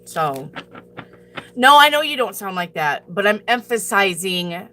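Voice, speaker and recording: A woman's voice: lowish voice, expressive, a little slow, bright, forceful tone, a little hiss or hum. A woman reading tarot on a live stream, talking bluntly and profanely as she answers her chat and hands out tough advice.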